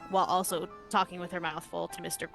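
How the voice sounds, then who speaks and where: A woman's voice: fairly low pitch, little pitch movement, quick pace, creaky. A woman player chatting casually about her character in a tabletop game. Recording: music behind.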